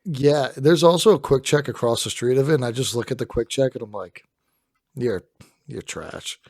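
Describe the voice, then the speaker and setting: A young man from North Jersey trades jokes as a podcast co-host. He tells anecdotes with animated emphasis, at an average pitch. The sound is dry and close to the mic. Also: fast talker, no room sound. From North Jersey, USA. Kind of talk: casual chat.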